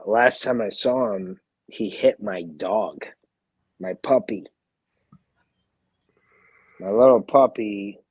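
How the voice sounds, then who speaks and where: A man's voice: on the low side, darkish tone, breathy edge, dry recording, low-quality recording. A drunk man telling a rambling, profane story in casual livestream chat.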